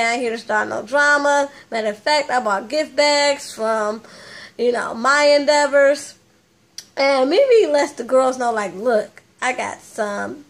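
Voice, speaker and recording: A woman giving a casual, chatty recap of a reality TV episode, retelling scenes with slang and lively asides. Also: high voice. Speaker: TV recap host.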